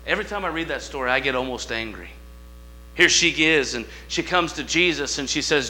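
A man preaching a sermon with passion, swinging between shouting and hushed asides, acting out dialogue in different voices. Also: mid-range voice, expressive, a little fast. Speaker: guest preacher. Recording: mains hum behind the voice.

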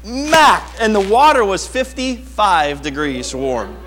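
A middle-aged male pastor with a fairly high voice, preaching in an animated storytelling way. He acts out his childhood self in the lines of the story, then moves into the scripture lesson. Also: slow. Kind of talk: sermon with personal story.

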